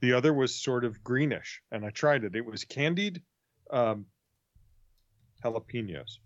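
A man's voice: medium pitch, animated, measured pace, no room sound. A man in casual conversation who chimes in with dry jokes. His voice sits in a middle range, and the recording is dry and slightly dull. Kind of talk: casual chat.

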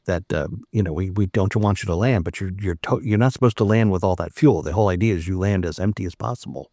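A man's voice: low voice, fast talker, dark tone, dry recording. A man chatting as a podcast co-host, with dry and laconic comments. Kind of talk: casual chat.

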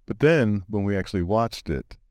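A man co-hosting a podcast in casual chat, talking haltingly with many restarts. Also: fairly low pitch, animated, a little mellow, smooth, no room sound. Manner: halting, full of restarts and fillers. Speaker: podcast co-host.

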